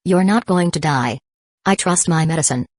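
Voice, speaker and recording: Woman reading as a cool blunt young guy, steady flat delivery, low voice, dry sound. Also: moderate pace, no echo, lightly acted. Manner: steady, matter-of-fact. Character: calm, blunt young man, coolly serious.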